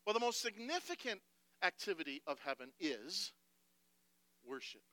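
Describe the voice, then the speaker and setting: A man, a pastor, preaching a sermon emphatically, moving between hushed passages and loud declarations. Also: high voice, big pitch swings, moderate pace, dry recording.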